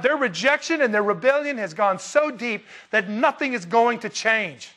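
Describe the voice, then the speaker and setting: A man's voice: sits high, animated, a little slow, a bit bright. A man preaching a sermon in a conversational, emphatic way, with folksy asides to the congregation.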